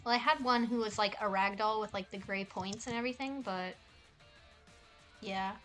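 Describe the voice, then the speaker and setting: Young woman streamer, mid-pitched, rambling casual chat with soft cooing asides, faint background music. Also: moderate pace. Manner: rambling, affectionate baby talk to cats.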